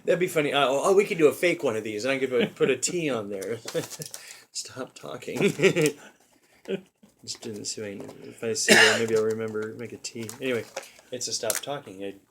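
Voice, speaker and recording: A man's voice: medium pitch, normal speed, background noise. A man hosting a casual comedy show, telling stories in a rambling way with restarts and frequent laughter. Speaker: comedy podcast host.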